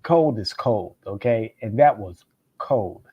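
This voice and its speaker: Male political commentator, slow and sarcastic with stammered restarts, on a dull lo-fi recording. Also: fairly low pitch, lively intonation, breathy edge. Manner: sarcastic, stammering restarts, laughs mid-sentence.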